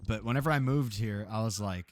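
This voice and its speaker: A man's voice: on the low side, a little fast. A man from Texas chatting casually and cursing while streaming a game, laughing often. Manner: laid-back, profane, laughs often, jokey asides. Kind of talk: casual live gameplay chat.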